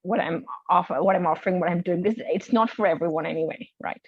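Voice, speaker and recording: A woman's voice: lowish voice, fast talker, husky, dry recording, lo-fi sound. A woman taking part in a coaching session, asking questions hesitantly with plenty of fillers. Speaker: coaching client.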